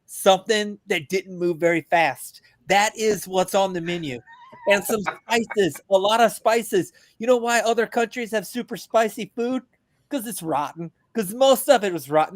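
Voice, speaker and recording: A veteran calling in to a podcast, talking casually in an animated, joking, profane rant. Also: male voice, sits high, no echo, studio quality. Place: abroad, remote from the hosts.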